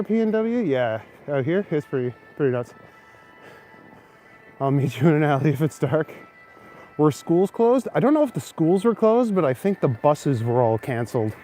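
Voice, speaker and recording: The livestream host is a young Canadian man strolling snowy night streets in a city, talking casually and replying to comments from viewers. He films on a phone camera held as he walks, and his voice is fairly high-pitched and warm.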